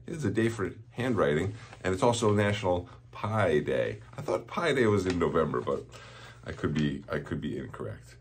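A man's voice: deep voice, big pitch swings, normal speed, slight background noise. A man, a school principal, giving cheerful morning announcements to students and chuckling at their jokes.

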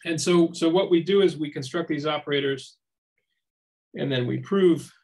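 A man's voice: on the high side, normal speed, a little mellow, poor audio. A man giving an academic lecture as seminar speaker, thinking aloud with frequent fillers and restarts.

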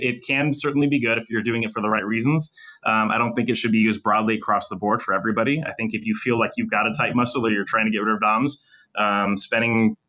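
A lowish, pushed, bright voice belongs to a man who is a sports medicine doctor interviewed on a podcast. He goes deep into injury and muscle function at a fast clip, full of technical clinical terms.

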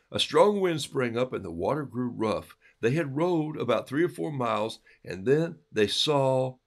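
A man telling a Bible story casually, in an animated way, acting out the quotes in different voices. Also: mid-range voice, vocal fry.

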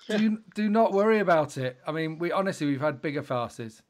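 A man's voice: on the high side, expressive, a little fast. Man co-hosting a podcast, chatty. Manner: chatty, laughing at tech troubles. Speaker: podcast co-host. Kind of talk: casual chat.

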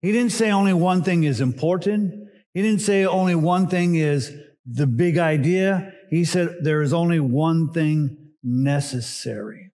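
A middle-aged man, a pastor, preaching a sermon in a relaxed teaching way with frequent "uh"s and side remarks. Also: fairly high pitch, unhurried. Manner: conversational teaching with asides and filler "uh"s.

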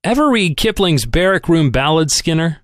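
A man's voice: on the high side, big pitch swings, normal speed, no echo, studio quality. A man voicing a crusty, shrewd old shipping magnate who barks and chirps by turns, in an audiobook reading. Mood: scolding. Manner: barking, chirpy and teasing by turns.

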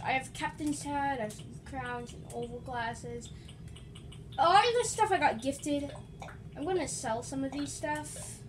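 A woman's voice: high voice, poor audio. A woman giving casual, rambling, playful commentary while playing a video game, with jokey asides. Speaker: gaming channel host.

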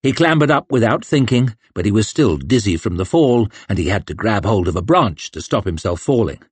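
Husky male audiobook narrator. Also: lowish voice, big pitch swings, fairly quick, dry recording. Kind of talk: scripted narration.

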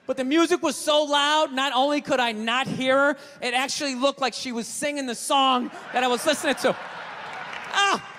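High-pitched comic guy swearing and ranting on stage, big reverby hall. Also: fairly even intonation, moderate pace, sharp tone. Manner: profane, ranting, mocking. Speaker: stand-up comedian. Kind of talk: stand-up comedy set. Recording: stage mic in a reverberant hall with a live audience.

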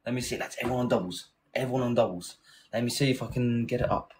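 A man's voice: medium pitch, fast, a little hiss or hum, rough recording. A man from England hosting a casual live stream, chatting, thanking viewers and rallying his team. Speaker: livestream host. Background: loud music.

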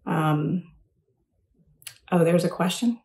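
A woman's voice: fairly low pitch, slow, gravelly, darkish tone. A woman giving a casual, rambling commencement speech, self-deprecating and full of fillers. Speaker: commencement speaker. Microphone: home recording for a virtual address.

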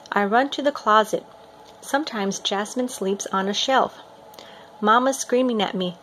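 A woman reading a picture book aloud in a steady, expressive storytelling manner. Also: mid-range voice, measured pace, slight background noise. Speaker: reader.

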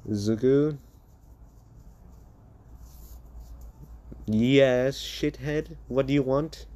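Spiteful, sarcastic teen boy hero, slow and mellow-toned, a man's put-on voice. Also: mid-range voice, voice pushed up, natural voice. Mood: snide. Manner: sulky, profane, sarcastic. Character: bitter, rude teenage boy hero.

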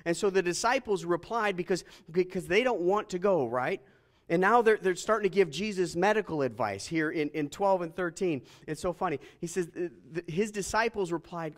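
A man preaching a sermon as pastor, animated and joking, asking the congregation questions. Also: high voice, moderate pace.

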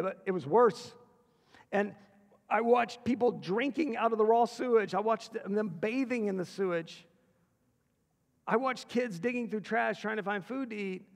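Gravelly high-voiced man preaching. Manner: emotional storytelling, dropping to a hushed voice. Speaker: chapel speaker. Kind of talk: sermon testimony. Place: school chapel hall. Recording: long hall reverb.

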